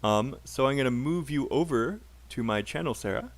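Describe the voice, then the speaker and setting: A man's voice: medium pitch, expressive, normal speed. A man with a British accent teaching a live online English class, chatty and encouraging, drilling phrases aloud for students to repeat.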